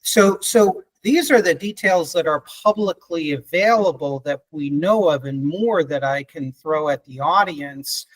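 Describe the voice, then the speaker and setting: A man's voice: a little high, a little slow, hardly any pauses, low-quality recording. A man hosting a podcast, pressing his points emphatically and cutting in with challenges. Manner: pushy, emphatic, cuts in with challenges. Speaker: podcast host. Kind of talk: debate-style conversation.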